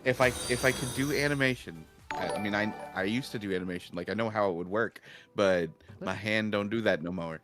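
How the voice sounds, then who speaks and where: A man's voice: fairly low pitch, fairly quick, over music. A man chatting casually on a livestream, rambling and restarting his sentences, often laughing at his own jokes.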